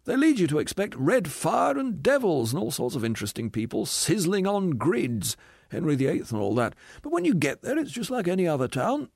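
A man's voice: a little high, very animated, a little fast, gravelly, a little mellow, slightly rough, no room sound, clean studio sound, full character voice. A man putting on a sneering, bitter ghost. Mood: scornful. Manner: sneering, scornful, ranting complaints. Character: bitter, cynical, hard-bitten male ghost.

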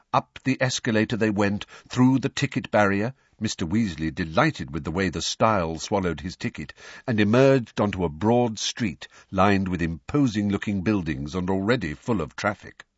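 A man narrating a storybook in an expressive, even-paced way. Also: fairly low pitch, no echo, dull audio. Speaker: audiobook narrator. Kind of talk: scripted narration.

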